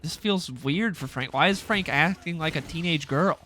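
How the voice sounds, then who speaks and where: A young man delivering a heated solo rant as a video creator. He sounds exasperated and sarcastic and talks in rapid-fire bursts. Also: on the high side, bright, forceful tone.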